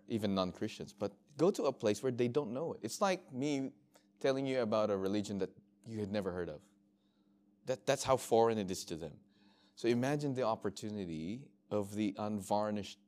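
A middle-aged man from Australia speaking as a missionary at a workshop, telling anecdotes and acting out conversations with frequent restarts. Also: fairly low pitch. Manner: animated storyteller, acts out dialogue, frequent restarts. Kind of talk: informal workshop talk.

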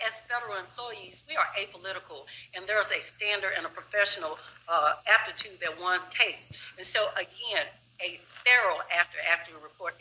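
A woman who leads a law enforcement organization, answering interview questions in a measured, formal, professional way. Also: fairly low pitch, pushed and bright, rough recording. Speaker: law enforcement executive guest.

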